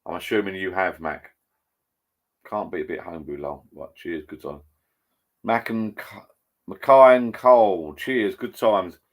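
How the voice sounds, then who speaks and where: Older man with a low voice, chatty livestream host who rambles casually from his home bar. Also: unhurried, long pauses. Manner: chatty, rambling, reads viewer comments aloud. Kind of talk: casual live chat.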